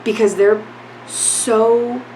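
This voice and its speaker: A woman's voice: a little high, fairly even intonation, drawn-out words, warm tone, slight background noise, rough recording. Earnest woman podcaster, blunt and casual. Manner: blunt, earnest, repetitive urging; casual, with some swearing. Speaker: podcast host. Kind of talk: solo podcast talk on grief.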